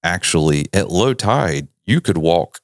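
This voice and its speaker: Low-voiced man telling stories. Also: expressive, a little slow, no room sound, clean studio sound. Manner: folksy, jokey storyteller. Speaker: podcast host. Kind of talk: casual storytelling chat.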